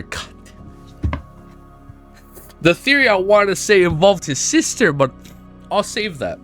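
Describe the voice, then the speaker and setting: A man streaming himself reading a web novel aloud, breaking into emotional, profane, excited reactions. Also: high voice, slow pace, long pauses, soft background music. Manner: emotional, swears often, gushes in excited outbursts.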